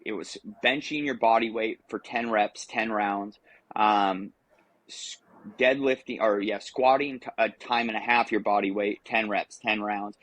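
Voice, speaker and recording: A man's voice: fairly low pitch, fairly bright tone, no room sound, poor audio. A man in his thirties, a podcast guest, telling his life story casually with many ums and restarts.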